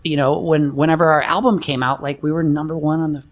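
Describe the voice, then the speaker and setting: A middle-aged man, a guest co-owning a music venue, talking in a relaxed, halting way with many fillers, lively when telling stories. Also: fairly high pitch, crowd noise. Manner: relaxed, halting, full of fillers, animated in anecdotes. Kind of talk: casual interview chat. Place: room by an open window on a busy street.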